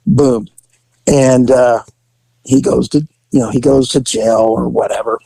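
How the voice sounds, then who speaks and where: Gravelly man telling old cop stories. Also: mid-range voice, measured pace, low-quality recording. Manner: animated storyteller acting out quoted voices; profane, laughing often. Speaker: former police officer telling stories. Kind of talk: casual storytelling chat.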